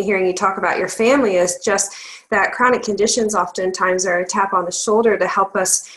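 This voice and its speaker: A woman health coach hosting an interview, speaking in measured, articulate sentences as she poses a question. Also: mid-range voice, a bit bright, poor audio.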